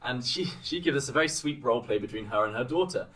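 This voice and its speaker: A young British man in a relaxed comedy podcast conversation, mid-pitched and easygoing. He reads posts aloud with a teasing, playful edge, laughing along with his co-host. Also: fast talker. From Britain. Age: young adult. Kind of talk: casual comedic chat.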